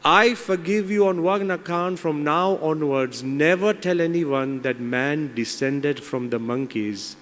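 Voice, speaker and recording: A man's voice: on the high side, a little slow, few pauses, a bit bright. A man voicing a loyal, principled male monkey in a fable, firm and indignant. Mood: stern. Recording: long reverb in large hall.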